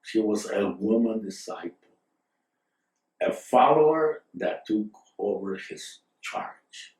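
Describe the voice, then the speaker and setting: A man's voice: fairly low pitch, expressive, slow, a little mellow. A man casually telling a long story in a rambling, digressive way, with fillers and side remarks, recorded from a distant mic in a roomy space. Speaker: storyteller, guest.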